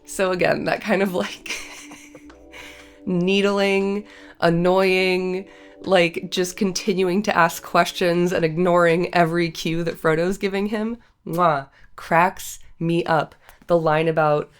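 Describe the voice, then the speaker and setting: A woman's voice: fairly low pitch, fairly even intonation, slow pace, smooth, soft background music. A young woman with a cold reading a novel aloud and breaking off into playful, slangy, laughing commentary. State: has a cold. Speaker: video essay host.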